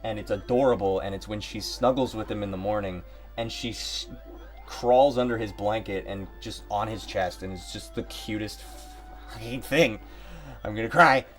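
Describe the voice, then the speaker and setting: Rambling, joking low-voiced man. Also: normal speed, faint music behind. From Ohio, United States. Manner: rambling, joking, talks to himself. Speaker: livestreaming artist. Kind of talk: casual live-stream chat.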